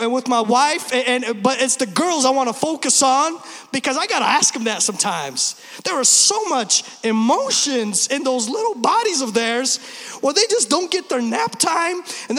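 Very high-voiced preaching man, reverberant hall. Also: a bit bright. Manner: emphatic preaching with quick asides and jokes. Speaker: pastor. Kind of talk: Easter sermon. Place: large church hall. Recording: long reverb of a large church hall.

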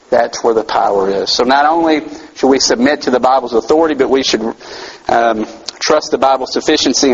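A man's voice: mid-range voice, breathy edge, dull audio. A man preaching a sermon as a campus minister, talking conversationally and asking his listeners rhetorical questions.

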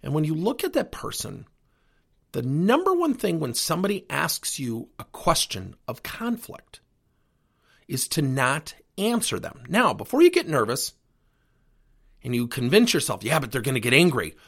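A man's voice: a little high, measured pace, creaky. A middle-aged man hosting a leadership coaching podcast, talking earnestly to listeners. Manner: animated, earnest coaching delivery. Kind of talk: solo podcast talk.

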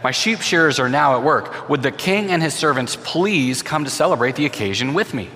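A scheming young prince, halting and stammering as he presses his case, as a man puts him on. Long reverb hangs after each phrase. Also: fairly high pitch, expressive, pushed and bright.

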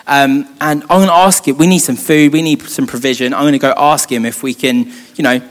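A man's voice: mid-range voice, fairly even intonation, fairly quick, natural voice. A man voicing David, a young warrior leader with a hot temper, in his own casual voice. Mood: matter-of-fact. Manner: retold in the storyteller's own casual voice. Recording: long hall reverb.

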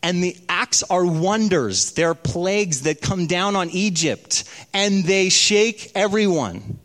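A man preaching a sermon, telling stories and slowing down for emphasis. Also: high voice, animated, fairly bright tone. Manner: storytelling, slows down for emphasis. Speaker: pastor.

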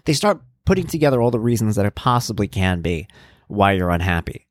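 A man's voice: fairly low pitch, big pitch swings, fairly quick, no echo. A man hosting his own podcast, talking casually and rambling through his thoughts with plenty of fillers. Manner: rambling, conversational, thinks aloud with fillers. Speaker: podcast host. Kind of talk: casual solo podcast monologue.

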